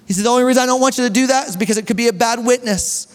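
A man preaching a sermon as pastor, animated and reading scripture aloud to his congregation. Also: very high voice, racing, smooth, long reverb tail. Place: church hall.

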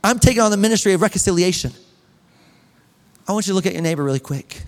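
Man, pastor, high voice, energetic sermon, long hall reverb. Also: fast. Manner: energetic, rising to near-shouts. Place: church sanctuary.

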